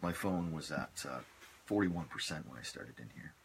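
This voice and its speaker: A man hosting a casual live stream from his phone, chatting in a relaxed, rambling way as he answers viewer comments. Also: a bass voice, moderate pace, slight background noise.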